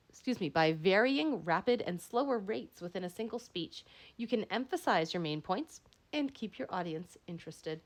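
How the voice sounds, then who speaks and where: Woman instructor, read-aloud lecture, expressive pitch, self-correcting. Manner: reads aloud with frequent slips and self-corrections. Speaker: instructor reading a textbook chapter.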